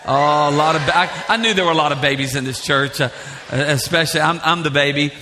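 A man's voice: on the high side, brisk, noisy background. A middle-aged man preaching a sermon in a church, telling stories in a conversational way and asking the congregation questions. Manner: storytelling, animated and conversational, asks the congregation questions. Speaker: pastor.

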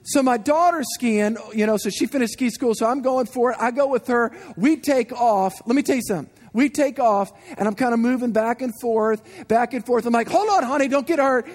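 A man in his forties preaching a sermon, telling animated personal stories and asking the congregation questions. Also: very high-pitched, fairly quick, hardly any pauses. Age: 40s. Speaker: guest preacher.

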